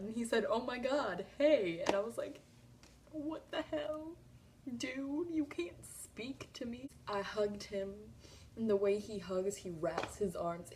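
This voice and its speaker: A young woman in a casual vlog, excitedly retelling a fan story with lots of "like" and sudden squeals. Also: mid-range voice, a little hiss or hum. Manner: gushing, breathless retelling with filler "like". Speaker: vlogger.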